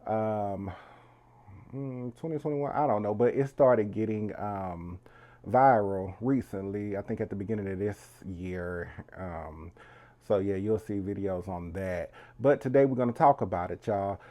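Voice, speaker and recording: A man's voice: on the low side, a little slow, mellow. A man hosting his own channel, talking to viewers in a chatty, casual way. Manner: chatty, keeps calling viewers "y'all". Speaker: host. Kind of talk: casual video commentary.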